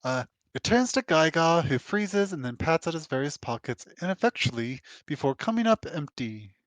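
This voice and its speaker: A man's voice: a little high, very animated, normal speed, dry recording. A man running a tabletop game as game master, narrating with laughing, self-deprecating asides.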